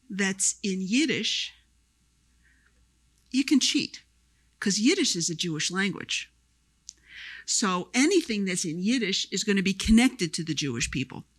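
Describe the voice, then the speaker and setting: A woman music scholar giving a live lecture, telling stories in a lively way and breaking into short chants as examples. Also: mid-range voice, no echo. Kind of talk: live lecture with sung demonstrations. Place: lecture hall before a live audience.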